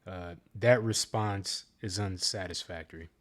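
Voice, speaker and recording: Man, lowish voice, casual reaction commentary, halting with many ums. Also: fairly even intonation. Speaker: reaction channel host.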